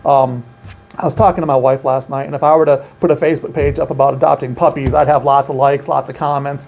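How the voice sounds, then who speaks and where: A man's voice: medium pitch, level tone, fast, vocal fry, a little mellow, slight background noise. A man working as an outreach coordinator, explaining child safety steps in an earnest, emphatic way during an interview. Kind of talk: informational interview.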